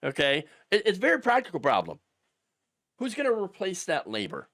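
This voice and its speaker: A man's voice: high voice, wildly swooping pitch, a little fast, fairly bright tone, no room sound, clean studio sound. A man hosting political commentary, talking in a sarcastic, heated and emphatic way. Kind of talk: opinion commentary.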